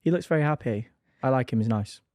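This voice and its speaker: A young man co-hosting a casual gossip podcast, giggly and gushing. His pitch moves up and down a lot as he talks. The sound is dry and close. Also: expressive, a little mellow, dry recording. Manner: giggly, gushing, quick to laugh. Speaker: podcast co-host.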